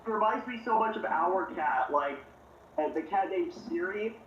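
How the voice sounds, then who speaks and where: A man with a mid-pitched voice co-hosting a relaxed chat, easygoing and keeping the topics moving. The room sounds echoey and a bit dull, with a faint background hiss. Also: normal speed. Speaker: co-host moving the topics along. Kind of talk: casual chat.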